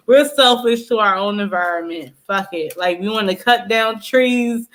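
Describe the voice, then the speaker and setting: Young female tarot vlogger, blunt and foul-mouthed, unhurried delivery, mid-pitched voice. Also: fairly bright tone. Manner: blunt, swears a lot, laughs between points. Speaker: tarot reader. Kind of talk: profane casual rant to camera.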